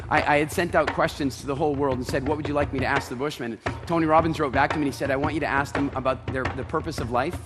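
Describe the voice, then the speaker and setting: A man telling a story on stage in an animated way, acting out both sides of a conversation. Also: mid-range voice. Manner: animated storyteller, acts out dialogue.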